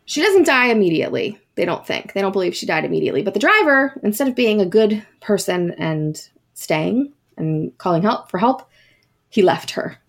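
A woman's voice: mid-range voice, very animated, moderate pace, gravelly. Chatty woman telling a ghost story. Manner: chatty, lots of fillers and asides. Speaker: podcast host. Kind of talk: casual storytelling.

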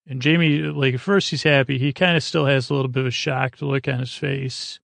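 A man hosting a podcast, casually recapping a TV episode from handwritten notes in a halting way, with lots of filler sounds. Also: medium pitch, fairly even intonation, gravelly, a bit bright, no room sound. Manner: halting, loose, full of filler sounds while paraphrasing scenes.

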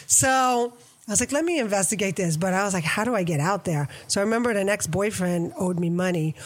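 A woman's voice: medium pitch, a little fast. A middle-aged woman from New York, a photographer telling stories in a casual interview and acting out the voices in them. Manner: animated, acts out quoted dialogue. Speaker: photographer guest.

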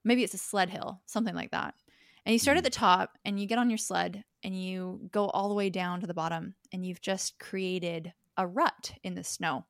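A young woman, a podcast guest, talks things through in a thoughtful, reflective way and builds her points with examples. Her voice sits at a middle pitch and sounds dry and close to the mic. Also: steady tone, moderate pace, no echo. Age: young adult.

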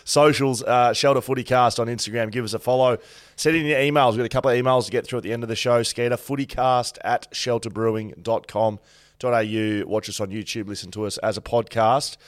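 A man's voice: medium pitch, fairly even intonation, a little fast, dry recording, clean studio sound. An Australian man hosting a podcast in casual chat, with jokey, teasing banter. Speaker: podcast host.

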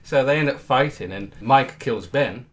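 A man's voice: medium pitch, moderate pace, slight background noise. A man co-hosting a podcast, telling a made-up film plot in playful, laughing, stumbling casual chat. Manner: playful storytelling, laughs often, stumbles over words. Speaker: podcast co-host. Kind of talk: casual comedic brainstorming chat.

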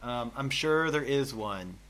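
A man's voice: mid-range voice, lively intonation, unhurried, a bit bright. A man co-hosting a casual chat, playful and laughing often. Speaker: podcast co-host.

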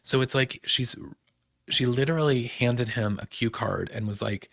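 A man's voice: medium pitch, moderate pace, creaky, a bit bright, no echo, studio quality. A young man hosting a casual recap, chatty and opinionated, acting out quotes with lots of "like". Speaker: podcast host recapping a reality show.

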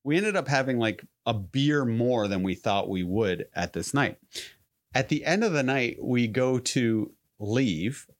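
A man's voice: medium pitch, a little slow. A man, telling a rambling story as a podcast co-host. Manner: rambling, animated anecdote with many restarts. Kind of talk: casual storytelling.

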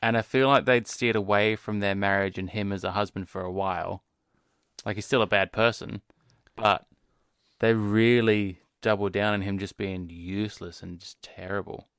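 A man's voice: lowish voice, fairly even intonation, moderate pace, fairly bright tone, clean tone, dry recording. A man co-hosting a podcast in casual chat, talking in a dry, matter-of-fact way. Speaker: podcast co-host.

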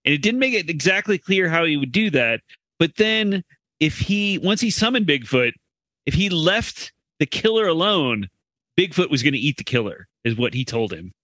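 A man's voice: fairly high pitch, sing-song, normal speed, fairly bright tone, no room sound. A man co-hosting a comedy podcast, recounting an odd news story with amused asides. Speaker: podcast co-host presenting stories. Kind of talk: reading news stories with banter.

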